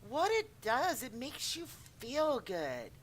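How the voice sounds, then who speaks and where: A woman in her twenties hosting a casual podcast stream, chatting in an animated way and acting out other people's lines. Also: high voice, slow pace, slight background noise. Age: 20s. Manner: animated, laughing, acts out friends' lines. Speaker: podcast host.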